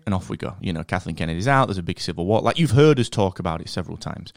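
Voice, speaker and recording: A man with a Northern English accent hosting a podcast, chatting in an animated, rambling way with plenty of fillers. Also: deep voice, racing, hardly any pauses, no echo, clean studio sound. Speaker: podcast host. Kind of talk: casual podcast monologue.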